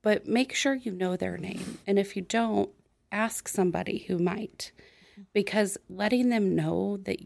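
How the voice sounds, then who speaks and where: A woman's voice: mid-range voice, a little slow, creaky, darkish tone. A woman in a casual conversation who leads a team, speaking in an earnest and encouraging way. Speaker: team leader.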